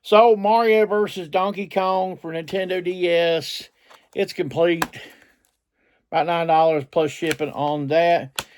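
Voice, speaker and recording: A middle-aged man hosting a reselling vlog, talking in an excitable, rambling way and often repeating himself. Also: fairly high pitch, a little slow, a little hiss or hum. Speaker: reseller channel host. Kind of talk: casual vlog talk.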